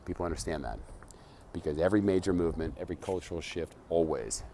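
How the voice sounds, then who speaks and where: A man with a very low voice talks straight to camera, earnest and full of curses as he tells his stories. He manages a band and records this casual vlog outdoors on a city street at night, with faint street noise behind him. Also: fast talker, dark tone. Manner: earnest, profane storytelling.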